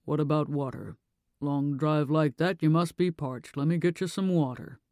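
A narrator voicing an aging father who grumbles, fusses over his daughter as a host and turns sharp. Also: a little high, steady tone, moderate pace, dry recording, clean studio sound, natural voice. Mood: fussing. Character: aging father, gruff, fussing, then angry.

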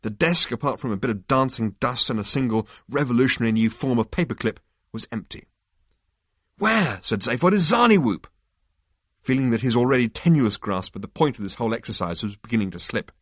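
A man narrating a book chapter in a measured, dryly expressive reading voice. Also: medium pitch, dry recording, clean studio sound. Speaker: audiobook narrator. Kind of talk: scripted narration.

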